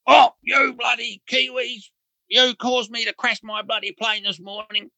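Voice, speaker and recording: A man's voice: very high voice, level tone, a little slow, bright, forceful tone, dry recording, voice pushed up, heavily acted. A man putting on an indignant, swearing Australian model pilot with an Australian accent. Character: angry grumbling Australian male model pilot.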